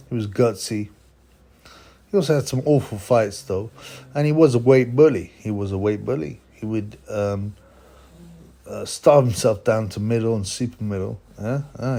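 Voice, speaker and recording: A man's voice: lowish voice, creaky, warm tone. A man hosting a boxing channel, giving a rambling, opinionated commentary monologue full of asides and tags like "huh?" and "man".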